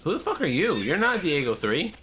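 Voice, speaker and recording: Excitable, swearing young man gaming. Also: fairly high pitch, a little fast, background noise. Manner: excitable, profane, shouting outbursts. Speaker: gaming YouTuber. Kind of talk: casual gameplay commentary. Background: game music and horse hooves.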